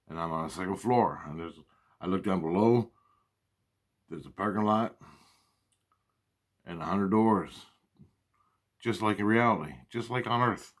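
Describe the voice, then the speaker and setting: Man with a deep voice for a casual, swear-heavy vlog monologue that loops back on itself. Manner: profane, repetitive, restarts often. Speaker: vlogger. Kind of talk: rambling spoken monologue.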